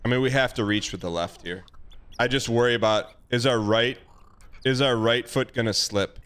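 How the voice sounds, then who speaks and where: A man streaming a video game live, talking to his chat in a rambling, excitable way with many restarts. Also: medium pitch, moderate pace, clear, resonant tone.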